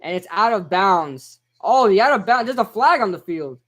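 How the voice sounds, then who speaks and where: A young man casually reacting live to a football game, chatting with viewers and shouting out their names. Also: high-pitched, moderate pace. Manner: excitable, chatty, reads out chat names. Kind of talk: casual live-stream commentary.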